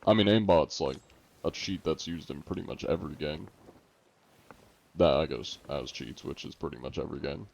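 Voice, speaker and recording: A man's voice: a bass voice, normal speed, vocal fry, darkish tone, lo-fi sound. A man streaming a game and chatting casually with viewers, laid-back and sarcastic. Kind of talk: casual gameplay chat with viewers.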